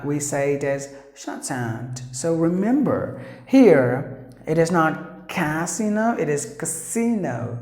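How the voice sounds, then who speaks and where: A woman's voice: low-pitched, warm tone, reverberant. A woman teaching pronunciation, repeating words and explaining patiently with fillers. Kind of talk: pronunciation lesson.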